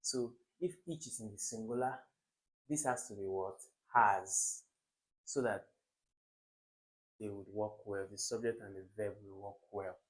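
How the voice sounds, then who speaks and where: Lively man teaching an exam lesson. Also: lowish voice, unhurried, pauses often, low-quality recording. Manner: lively, emphatic, quizzes viewers with rhetorical questions. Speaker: exam prep tutor. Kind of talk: classroom-style exam lesson.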